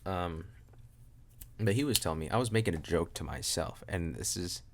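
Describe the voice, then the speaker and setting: Young man, solo podcast host, low-ish voice, self-mocking humor, rambling delivery. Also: expressive, moderate pace, a little hiss or hum. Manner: joking, self-mocking, trails off and restarts. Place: room at home with a loud air conditioner.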